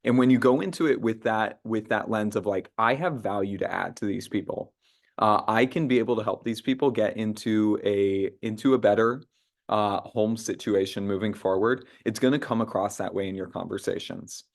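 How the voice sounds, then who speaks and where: Young dude leading a sales training call, loose and conversational, lots of uhs. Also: male voice, fairly low pitch, moderate pace, creaky. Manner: conversational, many "uh" fillers and restarts, acts out sample phone lines. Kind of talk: casual team training talk.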